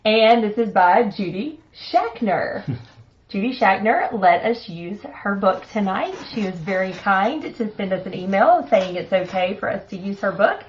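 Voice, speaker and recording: A middle-aged woman hosts a live stream, cheerfully reading a children's picture book aloud and chatting with a chuckle. Her mid-range voice is expressive and unhurried, and the recording sounds dull and muffled.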